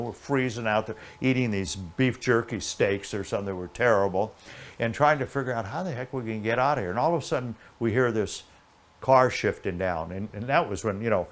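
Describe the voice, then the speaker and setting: An older man, a guest in an interview, telling a long anecdote in a lively, rambling way with many restarts. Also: lowish voice. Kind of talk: casual anecdotal storytelling.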